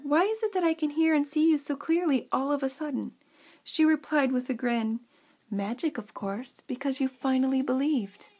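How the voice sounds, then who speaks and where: A woman's voice: sits high, darkish tone. A young adult woman casually showing her craft journal and reading its fairy story aloud with dramatic flair. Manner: reads story passages with dramatic flair, chatty asides.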